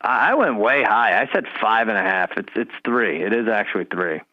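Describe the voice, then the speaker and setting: A man's voice: on the low side, lively intonation, moderate pace, no room sound, highs cut off. A man co-hosting a podcast, talking football picks in a chatty way that laughs easily and restarts often. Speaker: podcast co-host. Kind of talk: casual sports-betting chat.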